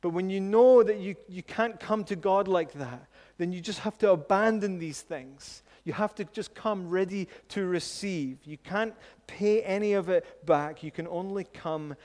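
Slow, earnest male preacher in a hall. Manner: earnest, slow and deliberate, dropping low and soft for emphasis. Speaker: pastor. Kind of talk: sermon.

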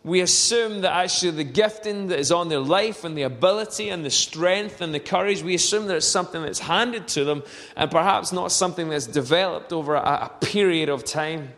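Male pastor, high voice, earnest storyteller who restarts phrases, church hall with long reverb. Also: a little fast, fairly bright tone. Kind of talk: sermon.

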